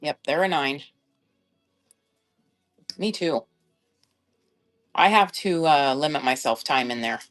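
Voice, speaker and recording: A woman's voice: low-pitched, lively intonation, takes it slowly, long pauses, fairly bright tone, faint music behind. Chatty woman selling live online. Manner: chatty, rambling, thinks aloud while checking sizes. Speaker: online reseller selling on a live shopping app. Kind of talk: casual live-stream selling chat.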